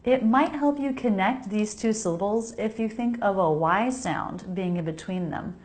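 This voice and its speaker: A woman with an American accent teaching pronunciation, modeling each sound slowly and repeating words for the listener to copy. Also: medium pitch, a little mellow. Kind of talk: slow pronunciation lesson.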